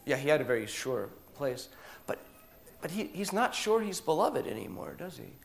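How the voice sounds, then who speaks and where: Guy preaching, gravelly voice, tells the story with lots of feeling. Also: fairly high pitch, moderate pace. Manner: animated storytelling, acts out quoted voices. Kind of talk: sermon.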